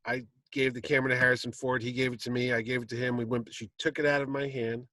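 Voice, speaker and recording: Man telling a lively anecdote. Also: mid-range voice, fast, no room sound. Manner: lively anecdote, acting out quotes. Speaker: comic con panel host telling a story. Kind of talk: animated storytelling. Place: convention stage.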